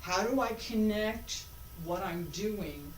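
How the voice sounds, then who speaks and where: A woman's voice: medium pitch, animated, takes it slowly, a little hiss or hum. A woman teaching a martial arts class as she demonstrates, thinking aloud with rhetorical questions. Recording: roomy sound from a distant mic.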